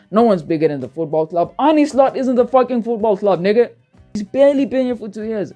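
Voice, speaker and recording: A man's voice: high-pitched, dark tone. A man hosting a football channel, ranting heatedly and profanely, repeating himself for emphasis. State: worked up, feels hot-headed. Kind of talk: heated football rant to camera.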